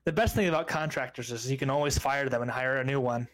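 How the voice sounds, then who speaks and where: A man voicing a cold, menacing crime boss in his seventies, speaking in calm, clipped lines in a tabletop game. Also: medium pitch, fast talker, lightly acted, poor audio. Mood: coldly menacing. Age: 70s. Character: cold older male crime boss with an eye implant.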